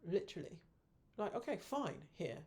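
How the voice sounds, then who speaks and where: Woman trader, casual self-review, gravelly and mellow-toned, blunt and frustrated with herself. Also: mid-range voice, big pitch swings, normal speed.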